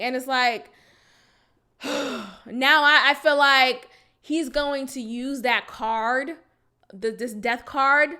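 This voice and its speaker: A young adult woman hosting a podcast, telling a personal relationship story candidly and expressively, sighing and then exclaiming loudly. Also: clean tone. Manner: expressive, venting, swings from low sighs to loud exclamations. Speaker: podcast host. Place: Houston, Texas.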